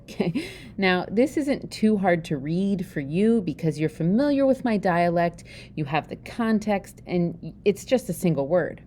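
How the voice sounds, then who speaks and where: A woman's voice: fairly low pitch, lively intonation, a little slow, dark tone, a little hiss or hum. A woman with a Pennsylvania Dutch accent giving a chatty, joking lesson and often asking the listener questions. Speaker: teacher. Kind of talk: informal video lesson.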